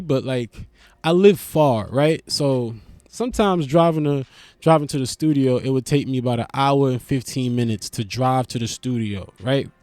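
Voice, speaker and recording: Animated New man, rambling comedic riff. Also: a little high, no echo. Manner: loose, animated, profane, swings into loud bursts. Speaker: podcast host. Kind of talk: casual comedic monologue.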